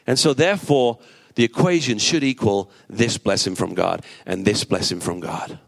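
A man's voice: lowish voice, normal speed, gravelly. A male pastor giving a sermon in a conversational, storytelling way, asking the congregation rhetorical questions and repeating his points for emphasis.

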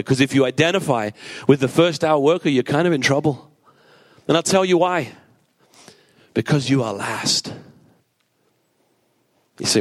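Man preaching in a conversational tone. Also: on the high side. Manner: conversational preaching, rhetorical questions, emphatic repetition. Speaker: pastor. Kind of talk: sermon.

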